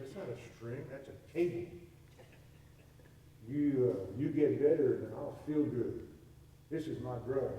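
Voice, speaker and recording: Telling folksy stories and voicing the people in them, a man teaches a spiritual lesson to a live audience in a hall. He has a medium-pitched, dark voice, heard from far off in an echoey room with slight background noise.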